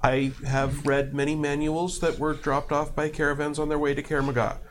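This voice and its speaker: A man playing a character in a live tabletop game, speaking in character with quick, deadpan quips. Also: fairly high pitch, slight background noise. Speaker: player. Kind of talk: in-character tabletop role-play. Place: live convention event.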